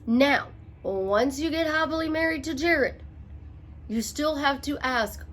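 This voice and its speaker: A middle-aged woman coaches her listeners in a motivational talk. Her voice sits a little high, and she drives each point home by repeating it. Playful asides break up the emphatic delivery. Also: animated, takes it slowly, slight background noise. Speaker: life coach.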